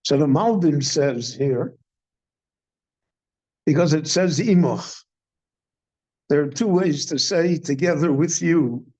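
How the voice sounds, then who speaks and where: An older man, a rabbi, giving a slow, deliberate Torah class in a synagogue, posing questions and then answering them. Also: on the high side, mellow. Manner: measured teaching, poses questions and answers them.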